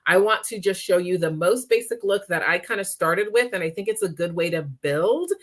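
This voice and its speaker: A woman's voice: on the low side, normal speed. Chatty woman demonstrating makeup. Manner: chatty, checks in with frequent "okay?". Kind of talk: live makeup tutorial.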